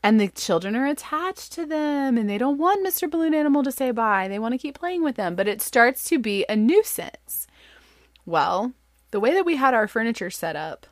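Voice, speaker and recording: A woman in her thirties, a mother telling a funny story in a casual, animated, self-deprecating way. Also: no room sound, studio quality. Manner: animated, self-deprecating, acts out quotes in high voices.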